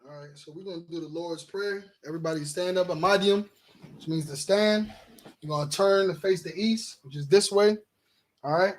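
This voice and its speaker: Guy with a high voice telling the class to stand and repeat after him. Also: moderate pace. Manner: instructive, giving commands to a group. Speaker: prayer leader. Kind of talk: leading call-and-response prayer.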